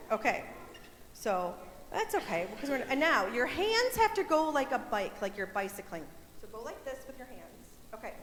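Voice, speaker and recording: Animated woman teaching kids. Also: high voice, moderate pace. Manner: animated, playful, coaxing kids to join in. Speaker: children's message leader. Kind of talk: children's sermon, teaching kids. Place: church sanctuary. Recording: echoey hall, faint room ambience.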